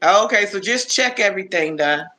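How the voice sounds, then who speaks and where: A woman's voice: mid-range voice, expressive, normal speed, sharp tone, low-quality recording. A woman in her fifties chatting casually on a live stream, rambling through stories with lots of restarts. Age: 50s.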